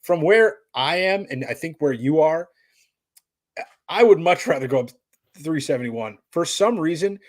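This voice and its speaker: A man's voice: fairly high pitch, expressive, normal speed, dry recording. A man co-hosting a podcast, chatting casually about college hockey in a laid-back, rambling way with lots of fillers. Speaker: podcast co-host. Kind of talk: casual sports chat.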